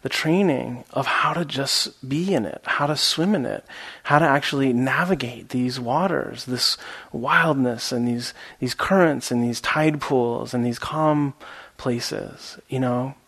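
Give me a man leading a meditation talk, gravelly and easygoing. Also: mid-range voice. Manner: relaxed, rambling, many fillers; laughs at his own story. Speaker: meditation teacher. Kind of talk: dharma talk with storytelling.

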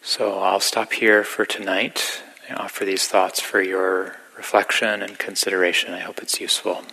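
A middle-aged man giving a gentle, reflective dharma talk as a meditation teacher, sometimes dropping to a whisper. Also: deep voice, level tone, moderate pace, breathy edge, rough recording.

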